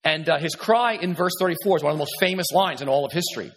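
Male pastor preaching, earnest and emphatic tone, somewhat high voice, repeats words for stress. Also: fast talker, slight background noise. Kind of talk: sermon teaching with scripture reading.

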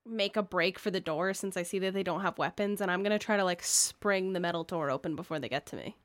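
A woman's voice: lowish voice, fast talker. A woman playing a tabletop game, brash and swearing freely. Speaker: player.

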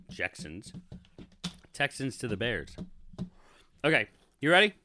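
A man in casual podcast banter, teasing his co-host and cursing freely. His voice is bright and lively, rising and falling a lot. Faint background noise sits under the recording. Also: fairly low pitch, slow pace, long pauses. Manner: teasing, laughing, swearing. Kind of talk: casual banter between takes.

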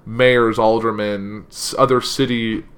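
A man's voice: lowish voice, level tone, unhurried, a bit bright, clean tone. A young man reading a news article aloud and giving casual opinions, with many "like" fillers. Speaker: political commentary vlogger.

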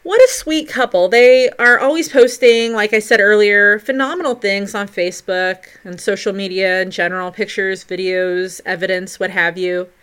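A woman's voice: medium pitch, normal speed, few pauses, fairly bright tone, smooth. A woman hosting a paranormal podcast, giving a bubbly, giggly outro.

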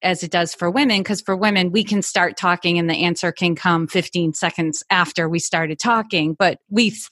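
A woman in casual podcast chat, explaining in a measured way. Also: lowish voice, steady tone, a bit bright, no room sound, studio quality.

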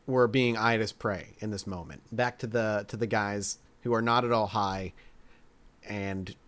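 A man's voice: fairly low pitch, fairly even intonation, measured pace, fairly bright tone. A man hosting a podcast, reading a story aloud with jokey asides in casual chat. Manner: jokey, reads quotes with asides. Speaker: podcast host.

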